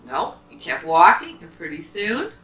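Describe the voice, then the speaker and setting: A woman telling a children's story aloud to a child at home, animated and asking questions along the way. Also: on the low side, normal speed. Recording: roomy, from a distance.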